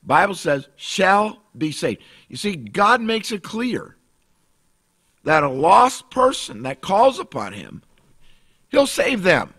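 A man preaching a radio sermon as pastor, emphatic and repetitive, swinging between loud and soft. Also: sits high, sing-song, slow pace, long pauses, slightly rough, no echo.

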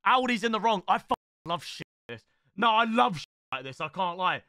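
A young man reacting to clips in casual commentary, excitable and quick to break into shouts. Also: high-pitched, clean tone, dry recording, clean studio sound.

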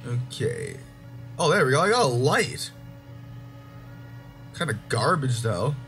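A man's voice: medium pitch, sing-song, slow pace, a bit bright, soft background music. A young man giving casual gameplay commentary as a YouTuber, swearing and joking in exasperation. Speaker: gaming YouTuber.

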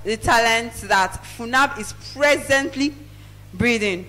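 A woman's voice: fairly high pitch, slow, pushed and bright, poor audio. A woman co-hosting a live event, chatty and drawing out words for emphasis. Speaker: event co-host. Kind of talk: live MC banter.

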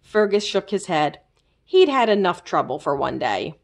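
A woman librarian reading a children's chapter book aloud in an expressive storytelling manner. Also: fairly low pitch, moderate pace.

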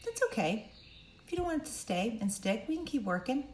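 A middle-aged woman coaching viewers directly, emphatic and animated, acting out quotes in sudden high voices. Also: fairly quick, reverberant, slight background noise. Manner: animated, emphatic, acts out quotes with big pitch jumps. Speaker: speaker and coach. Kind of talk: direct-to-camera talk.

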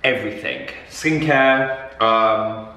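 Excitable man in an echoey room. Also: on the low side, takes it slowly, a little hiss or hum. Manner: excitable, loud, over the top. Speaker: vlogger. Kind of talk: chatty DIY vlog.

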